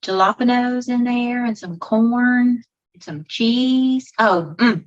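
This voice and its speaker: A woman, a podcast guest who talks in a homey, expressive way with folksy sayings. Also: fairly high pitch, takes it slowly, dull audio. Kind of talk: casual chat, taste-testing.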